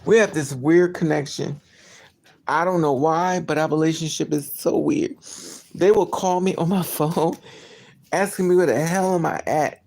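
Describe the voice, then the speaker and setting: A woman's voice: sits low, steady tone, normal speed, a little mellow. A woman chatting casually on a live stream from her car, telling stories and quoting people in raised voices. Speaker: vlogger.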